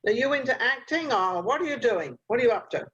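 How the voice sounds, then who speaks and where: Over muffled video call audio, an older female talk show host conducts an interview in a chatty, motherly way, dispensing advice and using many fillers. She sounds a little high and animated, speaking fast with a bit of brightness and a breathy edge.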